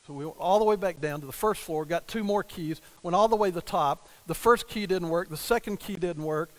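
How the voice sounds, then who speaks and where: A man's voice: high-pitched, a little fast, rough recording. An older man preaching a sermon, telling a family story and acting out the quoted dialogue. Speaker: pastor.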